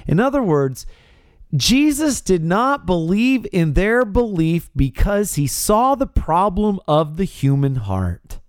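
A man's voice: sits high, sing-song, slow, darkish tone, clean tone, no echo, clean studio sound. A man preaching a radio sermon as pastor, emphatic and building to stressed points. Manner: emphatic, rising to stressed peaks.

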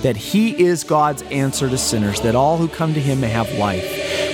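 A man preaching a sermon earnestly and emphatically, slowing down to stress key phrases. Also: mid-range voice, lively intonation, over music. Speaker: pastor. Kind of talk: radio sermon.

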